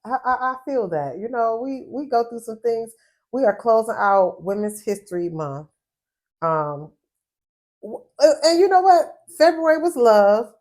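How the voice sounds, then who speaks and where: A woman co-hosting a podcast in casual chat, animated and often repeating words as she starts a thought. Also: fairly high pitch, a little slow. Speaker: podcast co-host.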